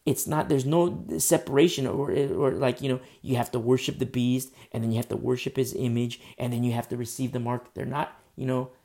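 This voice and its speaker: A man preaching a sermon as pastor. He talks casually with fillers and restarts, then gets emphatic and slows down to stress key words. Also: mid-range voice, fairly even intonation, vocal fry, warm tone.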